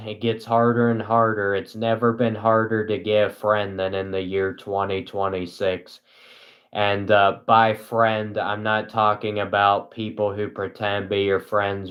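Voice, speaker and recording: A young man hosting a casual live stream, talking to his chat in a flat, dry, self-mocking monotone. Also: fairly low pitch.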